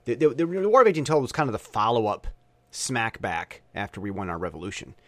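A man's voice: on the low side, expressive, fast talker, dry recording. A man talking alone in a rambling casual monologue, full of restarts and stammers.

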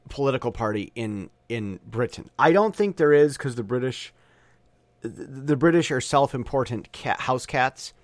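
A man's voice: medium pitch, animated, moderate pace, no echo. A man talking alone in a rambling casual monologue, full of restarts and stammers.

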